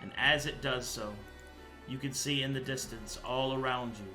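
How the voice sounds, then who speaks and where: A man narrating a tabletop game as game master, describing the scene slowly and dramatically. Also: mid-range voice, fairly even intonation, music in the background.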